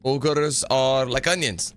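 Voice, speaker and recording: Shrek, a man doing a gruff ogre. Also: mid-range voice, fairly even intonation, slow pace, a bit bright. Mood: insistent. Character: grumpy male ogre, gruff Scottish-sounding. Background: music.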